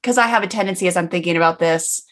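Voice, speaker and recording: A woman hosting a podcast in casual conversation, reflective and quick to agree. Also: fairly low pitch, fairly bright tone. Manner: reflective, gives many short agreeing replies. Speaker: podcast host.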